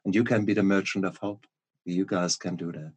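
A man with a German accent hosting a casual interview, encouraging and quick to laugh. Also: low voice, fairly even intonation, breathy edge, lo-fi sound. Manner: warm, encouraging, laughs often. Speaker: podcast host.

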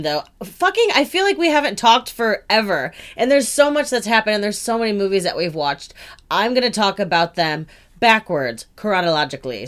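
Young female co-host, lowish voice, relaxed banter. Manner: laid-back, swearing, laughs often. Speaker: podcast co-host. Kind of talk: casual chat.

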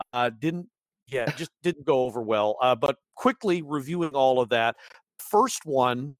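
A man's voice: medium pitch, dry recording. A man hosting a casual podcast, rambling with many restarts and chuckles. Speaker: podcast host.

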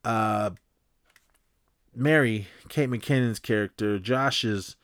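A man recapping a film in a loose, chatty way, full of fillers and restarts, who jumps into higher, faster voices when quoting characters. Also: a bit bright, smooth, no echo, studio quality. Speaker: podcast host recapping a film. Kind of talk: casual rambling recap.

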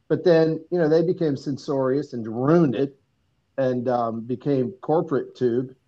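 A man's voice: on the high side, moderate pace, mellow. A man calling in to a talk show, telling a rambling story with many ums and restarts over a phone. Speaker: caller. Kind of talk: casual call-in chat. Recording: dull lo-fi phone audio.

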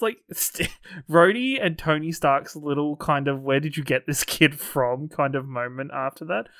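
A man co-hosting a film podcast, chatting in a loose, enthusiastic way. His voice is somewhat high and very bright and forward. It is recorded dry and close, with no room sound. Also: clean tone, dry recording. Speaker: podcast co-host. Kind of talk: casual film chat.

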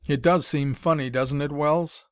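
Man doing a gruff young squadron leader. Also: on the high side, steady tone, a little slow, no echo, clean studio sound, close to an everyday voice. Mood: earnest. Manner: gruff, forthright.

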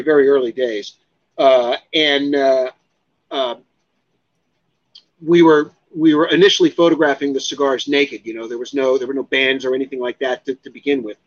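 A man telling a story as an interview guest, animated and profane, acting out what others said. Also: a little high, lo-fi sound. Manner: animated, profane, acts out other people's lines. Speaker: guest, cigar expert.

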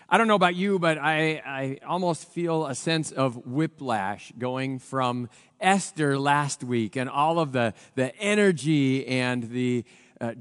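Pastor preaching in a reverberant hall. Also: male voice, on the high side. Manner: earnest, reflective, with pauses and restarts. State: voice a little rough from recent strain. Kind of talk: sermon.

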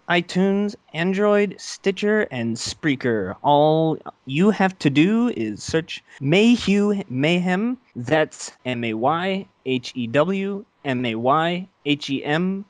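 A man co-hosts a comedy podcast and makes shock jokes. He talks slowly in a higher voice with lively pitch, and the sound is dry and close. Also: no room sound. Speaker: podcast co-host. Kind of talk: casual podcast banter.

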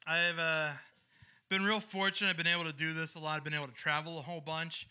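Bright, crude stand-up comic from Ohio. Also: male voice, on the high side, little pitch movement, fast talker, clear, resonant tone. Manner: crude, sardonic, builds to loud ranting bits. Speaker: stand-up comedian. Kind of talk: stand-up comedy set.

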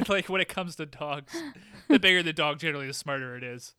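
Playful podcast co-host, man, bright crisp voice. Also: a little high, lively intonation, a little fast, dry recording, clean studio sound. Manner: joking, playful, acts out quotes. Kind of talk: casual chat recapping an episode.

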